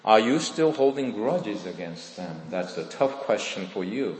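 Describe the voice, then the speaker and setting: A man's voice: lowish voice, lively intonation, unhurried, darkish tone. A man preaching a sermon, earnest and questioning his listeners directly. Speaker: pastor. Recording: echoey hall with long reverb.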